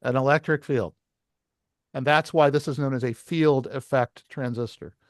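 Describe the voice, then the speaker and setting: A man's voice: mid-range voice, fairly even intonation, moderate pace, no room sound, studio quality. A man teaching a licensing class, explaining step by step at a whiteboard and asking the students questions.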